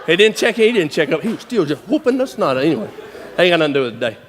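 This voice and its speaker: Animated Southern preacher in a hall. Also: male voice, a little high, racing. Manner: folksy, animated, laughing storyteller. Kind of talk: storytelling sermon. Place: church hall. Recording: long reverb of a large hall.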